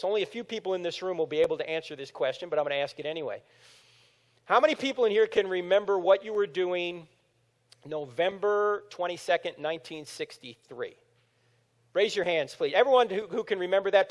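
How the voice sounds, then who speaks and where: Animated man in his fifties, hall echo. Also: sits high, fast talker. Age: 50s. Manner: animated storytelling, acting out quotes. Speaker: speaker. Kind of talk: apologetics talk to a live audience. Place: large room with audience. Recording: long hall reverb.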